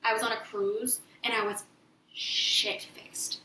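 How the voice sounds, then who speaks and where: A woman co-hosting a casual chat, candid and quick to swear and laugh. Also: fairly high pitch, flat delivery, bright, forceful tone, far from the mic. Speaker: podcast co-host. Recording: echoey room, voice a bit off-mic, faint noise.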